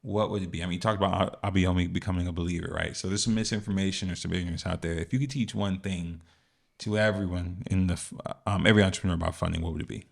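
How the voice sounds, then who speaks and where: A man's voice: low-pitched, steady tone, rapid-fire, creaky. A man co-hosting a business podcast, talking in a laid-back, rambling way with plenty of fillers. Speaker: podcast co-host. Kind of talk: casual business podcast chat.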